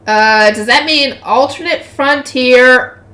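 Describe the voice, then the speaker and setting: Woman, novel read-aloud, joking asides, slightly high, echoey room. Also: slow pace, pushed and bright. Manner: joking, swearing asides, laughs often. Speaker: channel host reading a novel aloud. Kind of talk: casual read-aloud with commentary.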